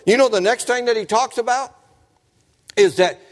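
A man's voice: high voice, sing-song, moderate pace. A man preaching a sermon in a folksy, storytelling way, often asking the congregation questions. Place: church sanctuary. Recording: reverberant church hall.

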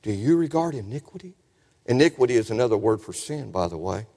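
A man's voice: medium pitch, very animated, a little fast, warm tone. A man preaching a sermon in a folksy, storytelling way, often asking the congregation questions. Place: church sanctuary. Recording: reverberant church hall.

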